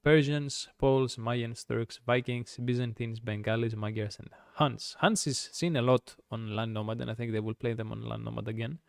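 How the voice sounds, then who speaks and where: A man casting an esports strategy match, running through draft picks in a chatty, steady way. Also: mid-range voice, normal speed, vocal fry, few pauses, smooth, no room sound, studio quality. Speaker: game caster. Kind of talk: esports play-by-play commentary.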